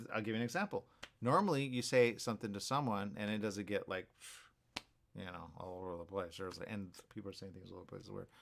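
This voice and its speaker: A man hosting a morning radio show delivers a rambling, repetitive monologue, hesitant and full of restarts, with tag questions like "okay?" again and again. His voice is lowish and a bit bright, with vocal fry.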